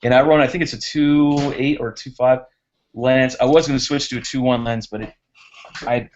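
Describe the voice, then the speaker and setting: A man, a guest drone racer, chatting casually on a live hangout, telling stories in an animated way. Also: mid-range voice, moderate pace, highs cut off.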